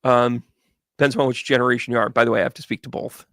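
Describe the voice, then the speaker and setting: This gravelly, middle-pitched man is a medium on a casual livestream, rambling through long stories with lively asides and frequent restarts. He talks quickly, and the close recording is dry with no room sound.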